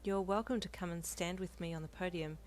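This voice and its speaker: A woman voicing a gentle, earnest young male hero in an audio fanfiction, soft and reassuring. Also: fairly low pitch, fairly even intonation, fairly quick, slight background noise, close to an everyday voice. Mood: calm. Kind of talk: audio fanfiction role-play.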